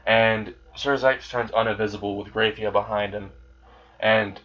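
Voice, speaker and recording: A man narrates a fan story in a loose, rambling way and swears without thinking about it. His voice sits low, and the recording is dull and muffled. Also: normal speed, a bit bright. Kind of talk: casual fan story retelling.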